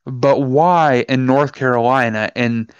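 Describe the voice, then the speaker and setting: A man co-hosting a casual podcast, telling animated stories and acting out the back-and-forth of the people in them. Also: medium pitch, takes it slowly, clear, resonant tone, dry recording. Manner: animated storyteller, acts out quoted exchanges. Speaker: podcast co-host. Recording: dull lo-fi sound, dry.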